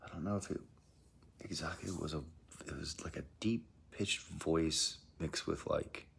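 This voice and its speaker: A man with a very deep, gravelly voice tells of something strange that happened to him. He talks in a loose, rambling way, full of fillers and restarts. He often sinks into a husky near-whisper. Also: unhurried, a bit bright. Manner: rambling, hesitant, drifts into whispers. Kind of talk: casual first-person account.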